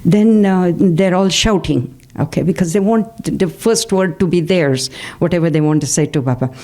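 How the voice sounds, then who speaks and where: An older woman speaks to a devotional gathering in a community hall, sharing her memories in a chatty way. Her voice sits low and sounds soft and mellow, and she keeps stopping for fillers and little "okay?" check-ins with the room. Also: moderate pace. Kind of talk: personal talk to a spiritual group.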